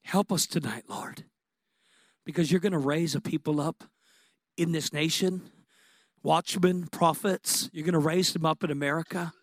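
A man delivers a sermon in a high, carrying voice. He preaches with passion, swinging from excited, rising peaks to hushed reflection. The sound is dry and close, with no room around it. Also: dry recording. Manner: impassioned, building to excited peaks.

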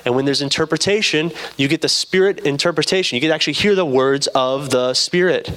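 A man's voice: a little high, a little fast, a bit bright. A young man preaching a sermon in a casual, storytelling way, acting out conversations with friends. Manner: casual storytelling, acts out dialogue.

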